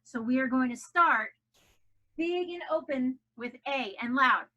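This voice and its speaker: A woman's voice: high-pitched, a little slow, pushed and bright, low-quality recording. A woman teaching English language learners in a recorded lesson for children, encouraging and carefully drawing out her stressed vowels. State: out of breath after jumping jacks. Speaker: ESL teacher.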